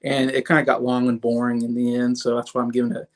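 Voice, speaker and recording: A man's voice: mid-range voice, monotone, fast talker. Rambling man reviewing movies on a livestream. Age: 30s. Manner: rambling, with many fillers and restarts; chats with viewers in the comments.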